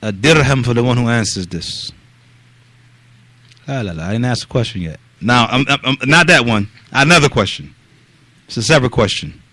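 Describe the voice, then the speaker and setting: A man teaching a mosque lesson, mixing Arabic phrases into his English, pausing on fillers like yani, and directly questioning the people listening. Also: medium pitch, expressive, sharp tone, no room sound. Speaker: religious teacher.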